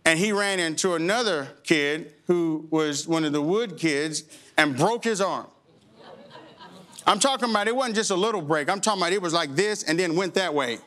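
A male pastor preaching a sermon, telling a funny personal story in a lively, conversational way before building into preaching. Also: fairly high pitch, moderate pace.

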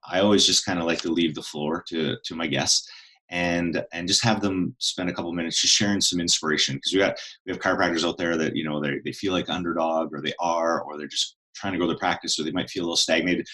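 A man hosts a podcast in a very deep voice. He is upbeat and casual, thanking his guest warmly. He often restarts his phrases and repeats words. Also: rough recording. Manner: enthusiastic, casual, repeats himself. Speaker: podcast host. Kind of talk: podcast interview.

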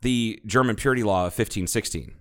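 A man's voice: on the low side, brisk. A man co-hosting a casual podcast, rambling and swearing as he tells stories. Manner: animated, swearing, rambling storyteller. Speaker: podcast co-host. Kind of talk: casual chat.

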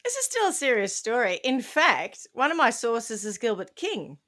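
Animated woman co-host. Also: a little high, normal speed. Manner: chatty, animated, laughs easily. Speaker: podcast co-host. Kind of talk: casual podcast storytelling.

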